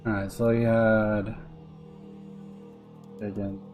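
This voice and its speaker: A man's voice: on the low side, flat delivery, takes it slowly, phone-quality sound, soft background music. A man streaming a strategy game, chatting casually, muttering to himself, and swearing when things go wrong. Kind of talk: casual gameplay commentary.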